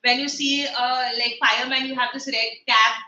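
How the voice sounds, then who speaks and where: A woman's voice: high-pitched, steady tone, normal speed, sharp tone, lo-fi sound. A woman teaching an English literature class, explaining words with everyday examples in a chatty way. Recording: echoey room with faint noise.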